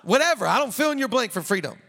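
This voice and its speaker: Male pastor, high voice, playful punchy sermon, repeats lines for emphasis, long hall reverb. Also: fast, creaky. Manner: lively preaching with joking asides.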